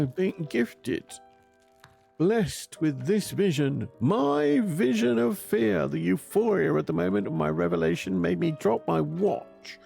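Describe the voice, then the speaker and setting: A tormented, obsessed diarist pours out his visions in a theatrical, gravelly voice, as a man reads him out. His delivery leaps and swoops wildly with a dark, mellow tone. Faint music plays behind. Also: fairly high pitch, pitched above the performer's own voice, full character voice. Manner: theatrical, swooping dramatic reading.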